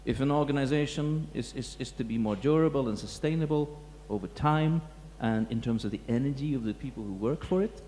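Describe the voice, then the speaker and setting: A man, a museum curator, giving a reflective talk to an audience, pausing and restarting often. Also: mid-range voice, mellow. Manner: halting, many restarts and fillers, reflective. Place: lecture hall. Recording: echoey hall with faint hum.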